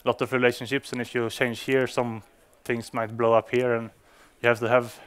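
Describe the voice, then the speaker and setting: A Swedish-born man talks to a developer audience at a conference, using English as a second language. He sounds smooth and brisk at a medium pitch with a flat delivery, yet stumbles through many fillers and restarts.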